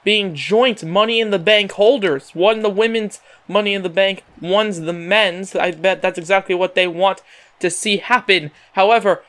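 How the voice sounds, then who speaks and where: Brief: male gaming host, excitable announcer-style wrestling play-by-play, high clear voice. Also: moderate pace. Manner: excitable announcer patter, repeating "however" and filler words. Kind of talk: play-by-play wrestling commentary over a video game.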